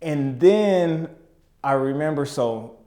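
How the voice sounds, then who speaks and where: A young man, a podcast guest who runs a business, telling stories in a relaxed, slangy way and often saying "you know what I mean". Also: fairly high pitch, slow. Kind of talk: casual storytelling chat.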